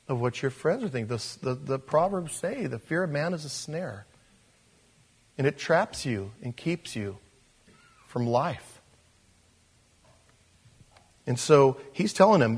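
Husky animated male preacher. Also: medium pitch, moderate pace, pauses often. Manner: animated, swinging between loud emphasis and soft asides. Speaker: pastor. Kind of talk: sermon.

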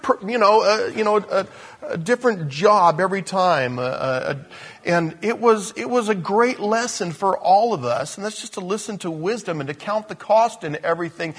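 Animated older male pastor preaching. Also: sits high, slightly rough. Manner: animated, storytelling, joking with the congregation. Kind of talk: sermon.

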